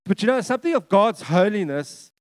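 Middle-aged male pastor, slightly high voice, dry close sound, preaching with emphatic repetition and frequent restarts. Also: very animated, brisk, no echo. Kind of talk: sermon.

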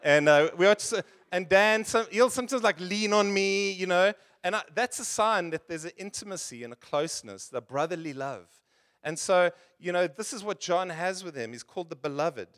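A man's voice: sits high, lively intonation, moderate pace, a bit bright. A man preaching a sermon as pastor, in an earnest, conversational way full of rhetorical questions.

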